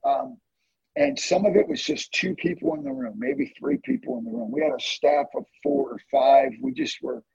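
Gravelly, husky man telling a testimony. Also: normal speed, dry recording, dull audio. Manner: earnest, emotional testimony with animated swings in pitch. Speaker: guest, prayer ministry leader. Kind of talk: storytelling in a conversation.

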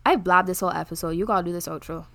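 A young woman from Barbados with a Barbadian accent, co-hosting a podcast in casual, animated chat. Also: fairly low pitch, vocal fry. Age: young adult. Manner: animated, chatty, quick to laugh. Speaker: podcast co-host.

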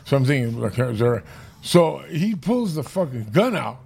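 A gravelly-voiced man spins a rough street story in loose, profane podcast chat. His voice has a rough fry to it, and his pitch sits mid-range for a man. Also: big pitch swings, normal speed, darkish tone. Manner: profane, streetwise, laughing while telling. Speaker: podcast regular telling a story.

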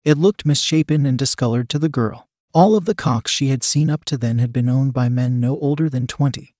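Man narrating an erotic story, measured delivery, dry and close. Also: mid-range voice, darkish tone, dry recording.

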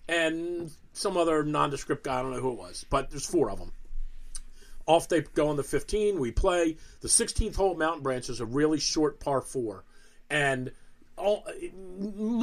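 A man on a casual sports podcast tells his story with real animation. His voice sits high and swoops up and down as he builds to each punchline. He chuckles as he talks. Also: fairly bright tone. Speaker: podcast guest.

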